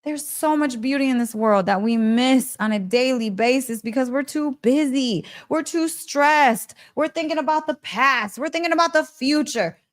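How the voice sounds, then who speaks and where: Excitable woman podcast host, laughing often. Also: high voice, normal speed, hardly any pauses. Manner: excitable, emphatic, laughs often, repeats phrases. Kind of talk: animated storytelling monologue.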